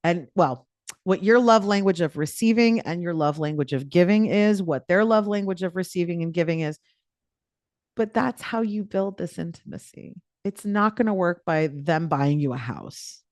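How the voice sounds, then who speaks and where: A woman's voice: on the low side, expressive, moderate pace, darkish tone, no echo, clean studio sound. Chatty, playful woman life coach. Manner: chatty and playful, many fillers. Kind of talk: live online coaching talk.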